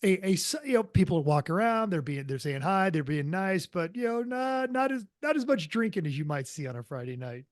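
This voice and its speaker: A man's voice: high voice, very animated, brisk, hardly any pauses, no echo, clean studio sound. A man co-hosting a podcast in casual chat, rambling through stories with many fillers and asides. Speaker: podcast co-host.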